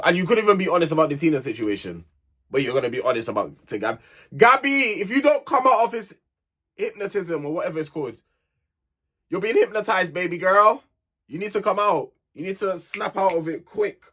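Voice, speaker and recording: A young man recapping a reality show, blunt and exasperated, firing off rhetorical questions. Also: medium pitch. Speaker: reality TV reviewer. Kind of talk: casual recap vlog.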